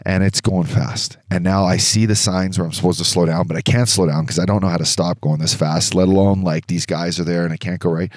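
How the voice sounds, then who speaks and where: Male co-host, lower register, dry booth sound, lively profane storyteller. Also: brisk, few pauses, no echo. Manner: animated, profane storytelling with acted-out quotes. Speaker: podcast co-host. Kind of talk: casual storytelling chat. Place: indoor studio.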